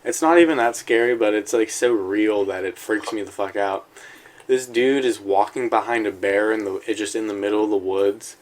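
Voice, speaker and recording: A man's voice: on the low side, normal speed, low-quality recording. A man co-hosting a podcast, telling crude stories in casual chat. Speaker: podcast co-host.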